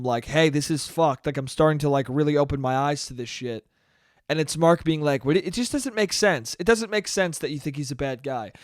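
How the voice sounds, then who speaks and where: A man's voice: fairly high pitch, no echo, clean studio sound. A young man hosting a solo podcast, ranting casually with exasperation and plenty of profanity. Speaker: podcast host.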